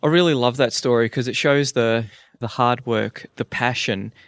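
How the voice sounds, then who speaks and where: A man hosting an interview, speaking in a relaxed, appreciative way. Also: medium pitch, normal speed, dry recording, clean studio sound. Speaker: host. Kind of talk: casual interview chat.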